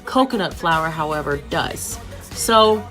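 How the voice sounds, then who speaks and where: Upbeat woman vlogger, slightly low voice, casual talk to camera. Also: lively intonation, slow pace, a bit bright, soft background music. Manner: chatty, upbeat and candid. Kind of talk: casual video diary.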